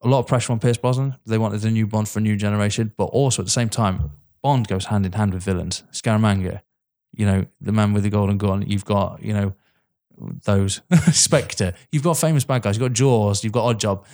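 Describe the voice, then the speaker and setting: A lower-voiced man talking films with a friend. He is enthusiastic and sweary, and he drops "mate" into almost every thought. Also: fairly even intonation, a little fast, darkish tone. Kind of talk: casual film chat.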